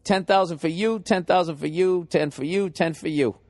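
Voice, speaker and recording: A man's voice: sits high, normal speed, a little mellow, no room sound. A middle-aged man with a Boston accent doing a profane, exasperated stand-up rant. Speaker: stand-up comedian. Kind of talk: stand-up comedy set.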